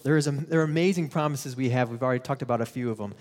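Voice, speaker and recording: A man's voice: mid-range voice, racing, a little mellow, big-room sound. A male pastor preaching a conversational sermon, telling stories and laughing at himself.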